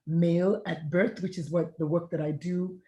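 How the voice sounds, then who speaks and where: In a dark, lowish voice with fairly even intonation and moderate pace, a retired pediatrician turned life coach reflects earnestly on her past during an interview. The middle-aged woman replays old conversations in dialogue, and the lo-fi recording has an echoey room sound.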